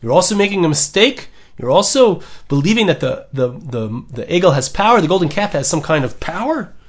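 Torah teacher, male, high-pitched and animated, reads text then explains it. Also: a little fast, breathy edge. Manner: reads Hebrew and Aramaic text aloud then translates, lively and emphatic. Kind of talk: animated Torah class reading and explaining a midrash.

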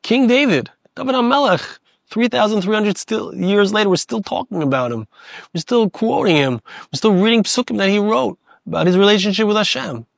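A man delivers an earnest Torah lecture in a fairly high voice, repeating phrases to drive each point home. Hebrew terms run through his plain talk, and the recording is dry and close. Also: animated, fairly quick, vocal fry, no echo. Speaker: Torah teacher.

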